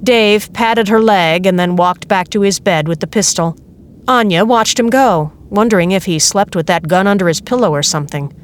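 A woman reading a novel aloud as narrator, in a steady, measured way. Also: mid-range voice. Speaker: audiobook narrator. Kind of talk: scripted narration.

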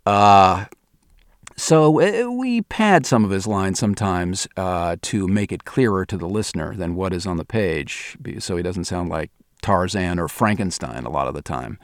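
A man with a notably deep voice answers interview questions, pausing and restarting as he works out his thoughts. His voice sounds dry and close, with no room around it. He talks as a voice actor and director. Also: lively intonation, dry recording. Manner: hesitant, thinking aloud with many restarts. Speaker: audio drama director and voice actor.

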